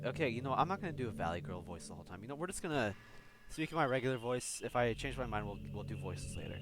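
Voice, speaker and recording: Rambling, self-mocking gaming host. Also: male voice, mid-range voice, expressive, fast talker. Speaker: let's-play host. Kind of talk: casual game commentary. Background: game music.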